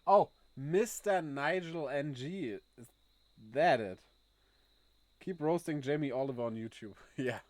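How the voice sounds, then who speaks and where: A man's voice: on the high side, measured pace, no room sound. A man chatting casually on a game livestream, laughing often and reading chat aloud. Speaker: game streamer.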